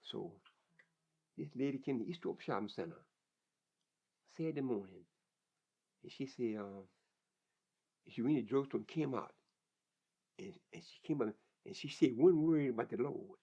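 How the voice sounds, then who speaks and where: A man's voice: medium pitch, expressive, normal speed, creaky, pauses often, mellow, slightly rough. An older man telling his life story in an interview, plain-spoken and vivid, often repeating words as he goes. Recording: dull lo-fi recording.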